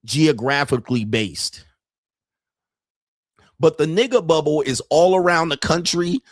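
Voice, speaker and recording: A man hosting a casual commentary show, talking bluntly and profanely, laughing often and rising into animated disbelief. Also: on the high side, no echo, clean studio sound. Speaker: podcast host.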